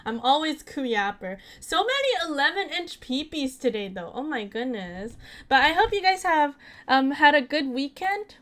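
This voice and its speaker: A woman streaming a video game, chatting casually with her viewers, excitable and giggly with crude jokes. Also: high voice. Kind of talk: casual live-stream chat while gaming.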